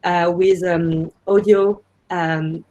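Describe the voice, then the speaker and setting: A woman's voice: lowish voice, fairly even intonation, slow, warm tone. Earnest woman panelist, muffled audio. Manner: earnest, explanatory, fillers between points. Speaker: panelist, company founder. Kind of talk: panel discussion.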